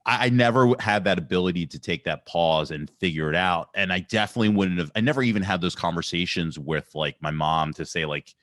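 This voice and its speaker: A man's voice: sits low, fast, few pauses, fairly bright tone, no echo, clean studio sound. A man hosting a podcast, chatting casually in long, rambling sentences. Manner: rambling, loose phrasing. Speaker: podcast host. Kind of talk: casual chat.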